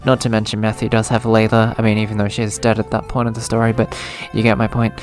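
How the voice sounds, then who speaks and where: A man's voice: fairly low pitch, monotone, fast, soft background music. A man hosting a reading of game dialogue, making offhand, rambling comments between scenes.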